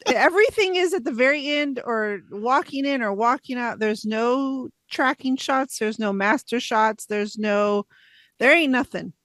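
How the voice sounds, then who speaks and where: A woman chatting as a podcast guest about a movie, animated and quick to act out what characters say. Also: on the high side, no room sound. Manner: animated, acts out characters' lines mid-story. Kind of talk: casual movie review chat.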